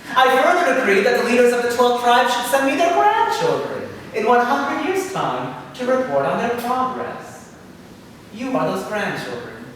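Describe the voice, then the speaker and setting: A man's voice: extremely high pitch, a bit bright, a little hiss or hum, pitched above the performer's own voice, heavily acted. A man voicing a grandiose, mocking male Satan on a live theater stage. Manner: grandiose, gloating, mock-theatrical. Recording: echoey live theater from far off.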